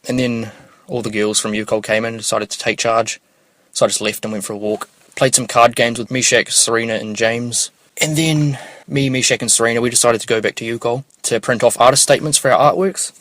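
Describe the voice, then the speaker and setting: A man's voice: mid-range voice, fairly even intonation, fairly quick, a bit bright, dry recording. A young man telling rambling, slangy stories as a podcast host, swearing often. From New Zealand. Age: young adult. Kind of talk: casual storytelling monologue.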